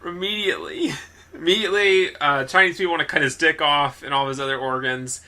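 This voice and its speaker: A man's voice: on the high side, a little fast, bright, forceful tone. A young man co-hosting a casual movie podcast, rambling and correcting himself as he talks, often laughing. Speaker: podcast co-host.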